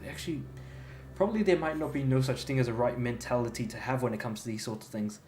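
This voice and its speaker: A man's voice: medium pitch, quick pace, darkish tone, a little hiss or hum. A young man chatting casually while livestreaming a game, rambling with lots of fillers and restarts. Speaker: game streamer. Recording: echoey room, faint music behind.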